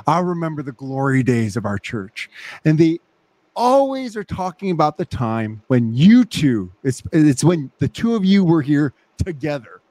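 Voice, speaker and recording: Steady-voiced male pastor hosting, dry sound. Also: mid-range voice, dry recording. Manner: steady, asks reflective questions. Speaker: host pastor. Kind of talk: casual podcast chat.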